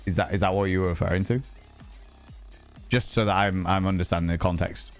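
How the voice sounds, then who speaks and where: A man's voice: sits low, fairly even intonation, brisk, faint music behind. A man streaming live, chatting casually with his chat, loose and sweary with plenty of fillers.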